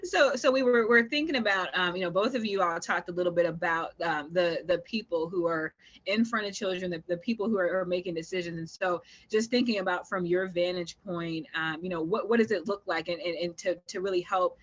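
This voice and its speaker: A woman moderating a panel who asks her question haltingly, with many restarts. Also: lowish voice, dull audio.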